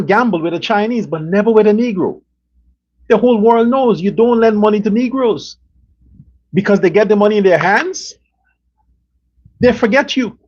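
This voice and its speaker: Heated, husky-voiced man ranting. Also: high voice, muffled recording. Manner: heated, profane, repetitive. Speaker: political commentary show host. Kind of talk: angry political rant.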